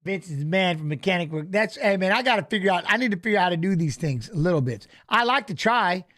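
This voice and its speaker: High-voiced man rambling through a watch-along. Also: animated, fast, a bit bright. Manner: loose, rambling, chats with viewers, reads fighter stats aloud; frequent "you know what I mean" tag. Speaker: host of a fight watch-along. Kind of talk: casual live watch-along commentary.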